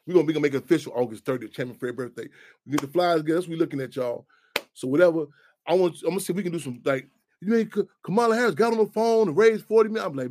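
Heated, high-pitched man hosting a radio show. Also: rapid-fire, slight background noise. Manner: animated, heated, swearing freely. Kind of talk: casual talk radio monologue.

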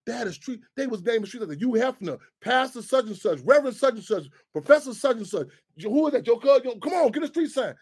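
A man's voice: very high voice, lively intonation, quick pace, few pauses, husky. A man hosting a radio talk show, speaking in loose, profane street talk full of restarts.

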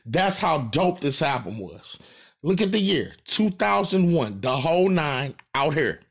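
A man's voice: a little high, big pitch swings, a little slow, vocal fry, husky. A man from St. Louis with a St. Louis accent, a rapper talking to his fans in a boastful, profane, emphatic monologue. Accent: St. Louis American. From St. Louis, USA.

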